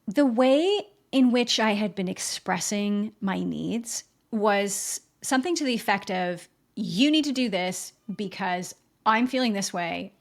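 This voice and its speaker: Speaking from her home in a rainy city, this podcast host talks candidly on her solo show and frequently checks in with her listeners. She has a mid-range voice with vocal fry.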